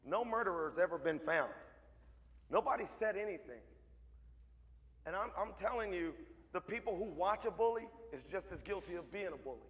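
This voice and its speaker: A man's voice: sits high, animated, normal speed, pauses often, fairly bright tone. A man giving a motivational speech to a school assembly as a mentor, telling stories emphatically and repeating lines for effect. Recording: long hall reverb.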